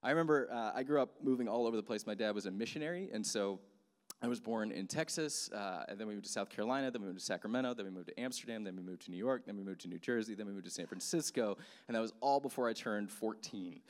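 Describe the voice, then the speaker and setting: A man's voice: lowish voice, quick pace. A man in his thirties telling a personal story as a sermon, speaking casually with many fillers. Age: 30s. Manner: conversational, animated, many fillers. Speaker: pastor. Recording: long hall reverb.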